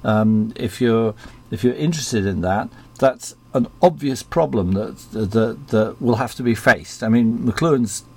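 An Englishman whose posh received pronunciation has been deliberately softened toward ordinary speech. He talks in a reflective, rambling way, restarting sentences as his thoughts shift. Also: mid-range voice, breathy edge. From England. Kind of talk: casual conversation.

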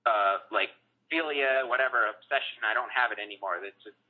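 Husky guy ranting fast and swearing nonstop, tinny phone line. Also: medium pitch. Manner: profane, rambling, heated. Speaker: caller. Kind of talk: phone-in rant.

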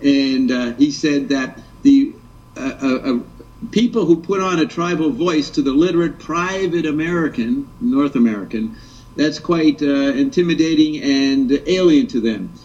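A man explaining an idea in a halting way, with many fillers and stumbles. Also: medium pitch, a little mellow. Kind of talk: casual conversation. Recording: distant, muffled.

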